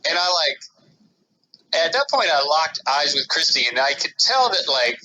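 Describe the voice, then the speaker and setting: Lively, bright-voiced man telling a story. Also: fairly high pitch, normal speed, a little hiss or hum, poor audio. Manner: animated, acts out his own panicked quotes loudly; rambling with many restarts and "like". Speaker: podcast co-host. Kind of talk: casual storytelling chat.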